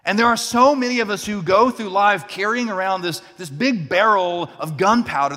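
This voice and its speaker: A fairly high-voiced male preacher delivers a sermon in a reverberant hall. He builds his point through a personal story, acting out the people in it with animated energy. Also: moderate pace. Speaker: pastor.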